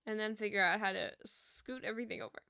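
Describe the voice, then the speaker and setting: A woman's voice: medium pitch, steady tone, quick pace, gravelly, pushed and bright. A young woman chatting casually on a livestream while she plays a game, giggling and trailing off mid-sentence. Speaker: streamer.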